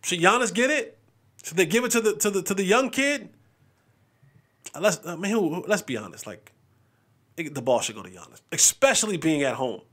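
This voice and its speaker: A man hosts a casual sports talk show, with a voice that sits fairly high for a man. He talks in an animated, chatty way and acts out what players said. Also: fairly quick, pauses often.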